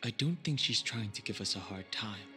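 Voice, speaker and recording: A man voicing a calm, reserved young companion in a game dub. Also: on the low side, moderate pace, faint music behind.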